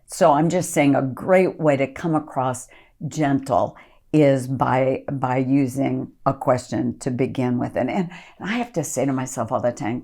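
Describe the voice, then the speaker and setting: A woman's voice: very deep voice, dark tone. A woman ministry leader giving an earnest podcast teaching talk, reading scripture aloud and coaching listeners.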